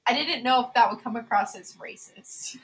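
A woman's voice: fairly high pitch, moderate pace, crowd noise, low-quality recording. A young adult woman co-hosting a podcast in casual chat, bubbly, laughing often and using many fillers. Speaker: podcast co-host.

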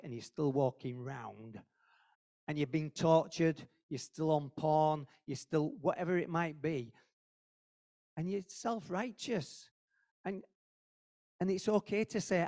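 A man's voice: a little high, measured pace, a little mellow. A man giving an informal, earnest sermon to a church group, talking conversationally and repeating phrases for emphasis. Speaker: lay preacher at a church meeting.

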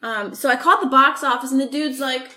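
A young woman co-hosting a casual chat, excitable and swearing as she rushes through her stories. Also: high voice. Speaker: podcast co-host.

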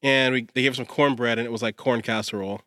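Male co-host, bright tense voice, animated, trips over his words. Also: mid-range voice, fast talker. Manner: animated, defensive, stumbling restarts. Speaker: podcast co-host. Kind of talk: casual chat.

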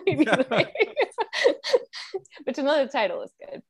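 A woman's voice: fairly high pitch, normal speed, slightly rough. A woman co-hosting a podcast, talking in a reflective, casual way and laughing often. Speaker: podcast co-host. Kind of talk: casual chat.

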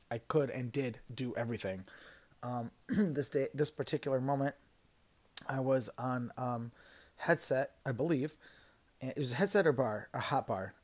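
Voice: medium pitch, darkish tone. A podcast host in their thirties telling a work story in a rambling, casual way, with lots of fillers, self-corrections and swearing. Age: 30s.

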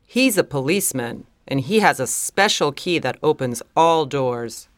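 A woman reading aloud and voicing a bold, cheerful teenage schoolgirl with bright, excitable delivery. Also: low-pitched, unhurried, no echo, clean studio sound. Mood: lively.

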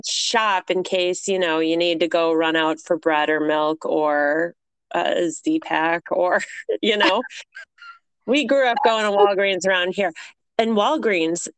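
Chatty woman with a smooth clear voice. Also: lowish voice, takes it slowly, no echo, poor audio. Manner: chatty, animated storyteller who laughs often. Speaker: podcast co-host. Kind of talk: casual chat.

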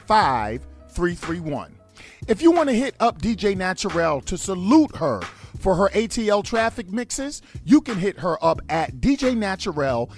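High-voiced blunt male radio host. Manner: blunt, profane, ranting. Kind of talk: casual radio talk.

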